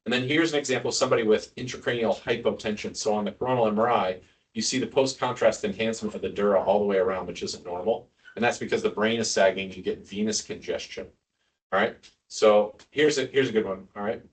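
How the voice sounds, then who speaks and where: Recorded from a distance, a male neurosurgeon with a voice on the low side speaks quickly in a casual lecture for ICU staff. He tosses quiz questions at the room and cracks jokes as he teaches.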